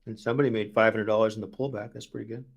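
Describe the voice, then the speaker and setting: A man with a low voice joins a live trading stream as a guest. He talks in an easygoing, casual way and gives short, agreeable replies. Now and then he adds his own brief view of the trade. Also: little pitch movement, racing, gravelly.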